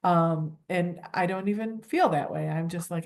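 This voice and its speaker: A woman's voice: fairly low pitch, moderate pace, vocal fry, a little mellow. A middle-aged woman who coordinates volunteers, giving a conversational training talk in a humble manner. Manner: humble, conversational, acts out phone calls.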